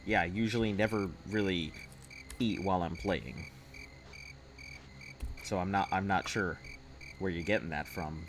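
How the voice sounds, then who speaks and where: A man chats loosely with his stream audience, drifting between thoughts and filling gaps with "uh" and "like". His voice sits fairly low. Faint crickets and insects chirp behind him. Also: steady tone, measured pace, pauses often, noisy background. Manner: rambling and offhand, answering chat with fillers. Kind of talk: casual live-stream chat.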